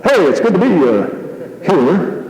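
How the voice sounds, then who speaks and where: A man preaching a sermon, telling stories with lively acted-out dialogue. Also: high-pitched, measured pace, very noisy. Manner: animated storytelling, acting out dialogue. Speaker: pastor. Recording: echoey hall.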